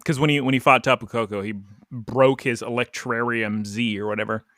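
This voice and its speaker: A man's voice: medium pitch, fairly even intonation, brisk, a bit bright, no room sound, studio quality. A man co-hosting a podcast, recapping an anime episode in rambling, jokey casual chat full of "like". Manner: rambling, jokey, lots of "like" fillers. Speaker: podcast co-host.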